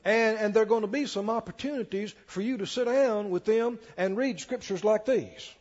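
A man's voice: high voice, normal speed, darkish tone, long reverb tail, highs cut off. A man preaching a sermon to a church congregation. He reads scripture aloud with swelling emphasis and keeps asking the congregation questions.

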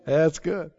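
A man preaching a sermon dramatically, swinging between booming lines and hushed asides. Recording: dull lo-fi, dry sermon recording.

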